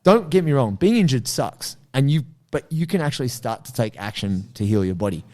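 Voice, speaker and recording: Animated podcast co-host, storyteller. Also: male voice, medium pitch, a little fast. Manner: animated storyteller acting out his own reactions. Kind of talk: casual podcast chat.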